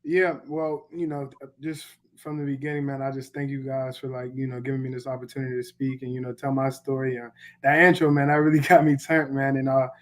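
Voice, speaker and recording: A young man from Pittsburgh answers interview questions in an easy, laid-back way. His voice stays flat and even, at a middle pitch. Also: a little fast. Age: young adult. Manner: laid-back, fills with "man" and "you know". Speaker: college football player guest.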